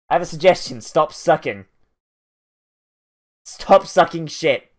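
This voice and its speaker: A man's voice: a little high, animated, a little slow, long pauses. A man giving profane, sarcastic watch-along commentary on an anime, mock-angry and swearing often. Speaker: anime reactor.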